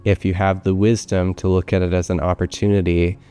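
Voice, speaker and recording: A male psychotherapist giving a measured talk, explaining through parables and sometimes repeating words. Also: low voice, flat delivery, mellow, smooth, faint music behind.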